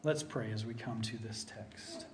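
A man's voice: lowish voice, unhurried, noisy background. A middle-aged man preaching a conversational sermon, telling personal stories in an earnest, folksy way with self-deprecating asides. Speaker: pastor.

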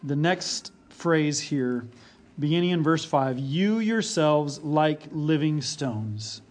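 A man delivers a sermon in an earnest, deliberate manner, taking his time. His voice sits a little high for a man. He leans on key phrases and repeats them for weight. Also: expressive. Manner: slow and deliberate. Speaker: pastor.

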